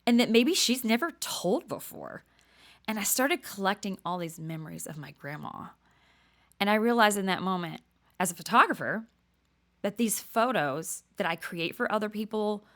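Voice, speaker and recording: An older woman, hosting a podcast and telling stories in a chatty, animated way, laughing often and dropping to a hush for emphasis. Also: medium pitch. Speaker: podcast host. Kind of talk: casual storytelling monologue.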